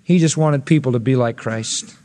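A man's voice: mid-range voice, normal speed, warm tone, in a large hall. A male pastor preaching an expository sermon, earnest and rising to emphatic peaks when quoting scripture.

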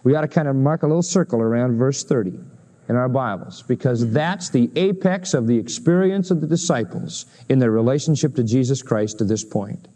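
A man's voice: fairly quick, warm tone. A man preaching a sermon, earnestly explaining a Bible passage and rising to emphatic, lifted phrases on key points. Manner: earnest, swings to high emphatic pitch on key lines.

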